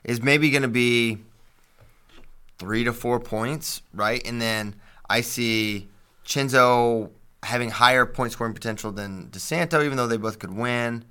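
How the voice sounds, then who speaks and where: A man co-hosting a casual sports podcast, reading listener questions and recounting matches with animated detail. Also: medium pitch, unhurried, smooth. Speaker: podcast co-host.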